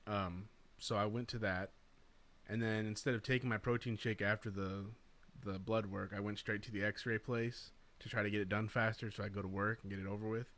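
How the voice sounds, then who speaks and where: A man's voice: fairly low pitch, a bit bright. A young man co-hosting a podcast, telling a story in a casual, profane way and acting out the voices of other people. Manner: profane, laid-back storyteller acting out quotes. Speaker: podcast co-host.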